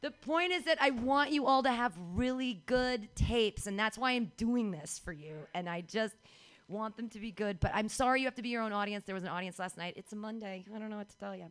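A woman hosting a small comedy night in a bar, addressing the room in a rambling, quick way that keeps talking over herself. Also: medium pitch, clean tone. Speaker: show host. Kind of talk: casual address to a live audience.

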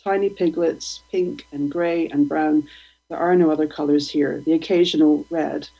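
A woman, a guest poet, reading her poems aloud in a slow, deliberate, provocative way. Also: deep voice, steady tone, creaky. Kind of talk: poetry reading. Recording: dull lo-fi radio stream.

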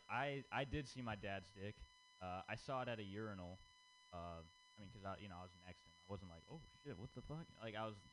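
A man's voice: mid-range voice, slight background noise, poor audio. A young man doing a rambling, self-deprecating open-mic stand-up set, full of fillers and nervous laughs. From Indian family. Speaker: stand-up comedian.

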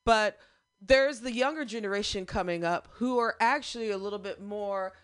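A woman's voice: mid-range voice, normal speed, smooth, no echo, clean studio sound. A woman in her thirties co-hosting a casual radio talk show, blunt and indignant, swearing freely. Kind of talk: casual chat.

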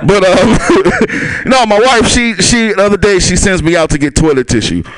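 Performing loosely on a small comedy club stage, a man laughs at his own jokes and speaks right to the crowd. His high voice is animated and a bit bright, at a moderate pace.

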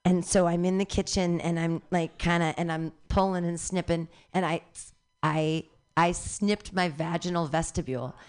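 A woman in her forties doing a bawdy stand-up set, telling her story in halting bursts that jump up into squeals. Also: lowish voice, fairly even intonation, clean tone. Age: 40s. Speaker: stand-up comic. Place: comedy club stage.

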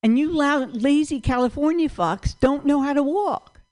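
A woman's voice: sits high, moderate pace, a little mellow. An older woman with a New York accent doing brash, profane stand-up in a small venue, ranting at the crowd. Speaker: stand-up comedian.

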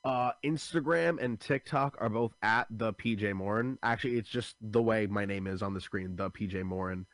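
A young man who does stand-up comedy. He is a guest in an interview and tells animated stories with many restarts. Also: fairly low pitch, normal speed, few pauses, dry recording. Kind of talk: casual interview chat.

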